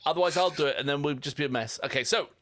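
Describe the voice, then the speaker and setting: A man with an English accent co-hosting a music reaction show, chatting and joking in a casual, animated way. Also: on the high side, rapid-fire. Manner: animated, self-deprecating, chatty. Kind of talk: casual banter.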